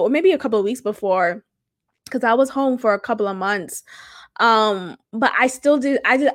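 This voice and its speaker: A woman with a fairly high voice talks straight into a close mic in a dry, deadened room. She hosts a podcast and shares a personal story in a candid, emotional, rambling way. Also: no echo. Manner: candid, emotional, conversational with many fillers. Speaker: podcast host.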